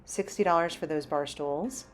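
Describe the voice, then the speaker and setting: This woman has a low voice and speaks at a normal speed while hosting a shopping vlog in a large home improvement store. She chats casually as she browses, reading out prices.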